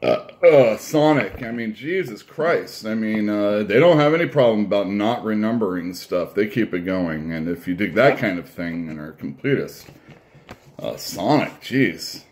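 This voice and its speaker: A man's voice: on the low side, animated, normal speed, darkish tone. A man who owns a comic shop, giving a casual, rambling, blunt review while he eats.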